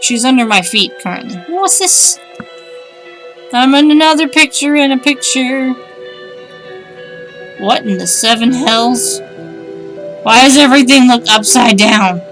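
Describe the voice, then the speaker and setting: A woman's voice: a little high, a little slow, pauses often, a bit bright, soft background music. A woman streaming a game, chatting wryly, thinking aloud and reading on-screen text. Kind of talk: casual let's-play commentary.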